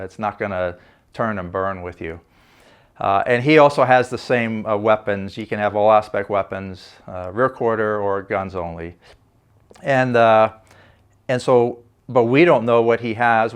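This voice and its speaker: For a documentary interview, an older man who once flew fighters for the Navy tells a story in a relaxed, anecdotal way, with frequent fillers. His voice sits on the low side and sounds smooth.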